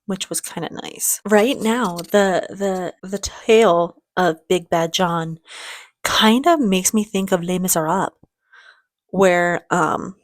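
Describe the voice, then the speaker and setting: A woman's voice: on the low side, slow, no room sound. A woman hosting a reaction video, talking in a chatty, rambling way with easy laughter and sounding emotional, close to tears. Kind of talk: casual reaction chat.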